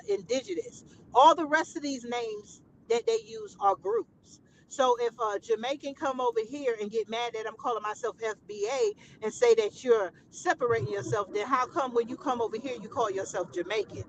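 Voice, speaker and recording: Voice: medium pitch, lo-fi sound. Speaker explaining a point over faint noise. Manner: explains by example, agreeing then pressing a point. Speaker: live stream co-host. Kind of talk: casual political talk.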